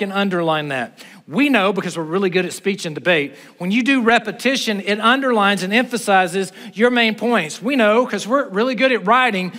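Animated male preacher in a reverberant hall. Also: high-pitched. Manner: animated, talks to the crowd, uses humor. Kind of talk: sermon.

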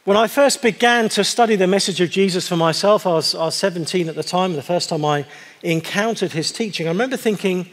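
A man preaching a sermon in a conversational, wry way, slowing down to stress key words. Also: high-pitched. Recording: long hall reverb.

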